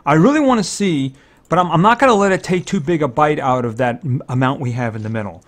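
A man giving casual gameplay commentary, thinking aloud, excitable and fretting over each purchase. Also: fairly high pitch, fast talker. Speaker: let's-play commentator.

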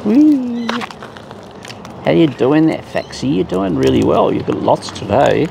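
A man's voice: mid-range voice, expressive, moderate pace, vocal fry. A man talking playfully to wild cockatoos outdoors, in a teasing baby-talk way. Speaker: bird feeder vlogger. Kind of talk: casual chat to wild birds. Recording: noisy outdoor recording. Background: birds and outdoor noise.

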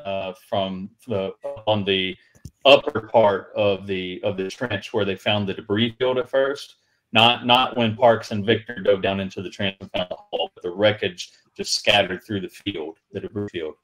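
A man on a video call telling a halting, rambling anecdote about a museum ship, with many restarts. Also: lowish voice, steady tone, a bit bright, poor audio. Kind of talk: livestream storytelling. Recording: video call audio, feed breaking up.

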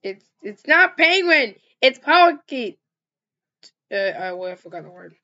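A woman's voice: mid-range voice, sing-song, sharp tone. A woman reacting to funny clips in casual, rambling commentary with many restarts. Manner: rambling, halting, frequent restarts. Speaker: reaction video host. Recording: dull lo-fi recording.

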